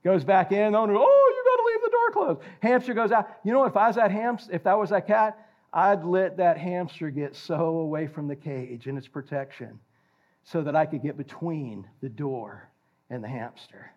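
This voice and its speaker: An older man preaching a sermon, animated and jokey, quizzing the congregation. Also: a little high, normal speed. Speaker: pastor. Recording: slightly dull lo-fi recording.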